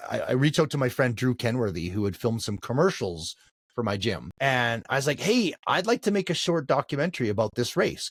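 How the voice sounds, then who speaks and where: A man's voice: medium pitch, no room sound, studio quality. A middle-aged man, the guest on an interview, recounting events with a storyteller's manner, restarts and fillers. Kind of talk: conversational interview.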